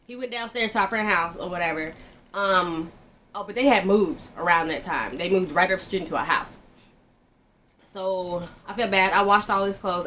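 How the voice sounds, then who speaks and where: A woman's voice: on the low side, fairly bright tone, a little hiss or hum. A woman talking casually into the camera, telling a personal story in a loose, offhand way, trailing off and backtracking to recall details.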